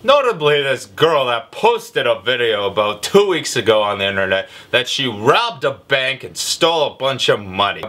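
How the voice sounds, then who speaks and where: A man hosting a comedic news vlog, sarcastic and irreverent, with a deliberately lazy, low delivery. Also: sharp tone. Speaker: vlog host.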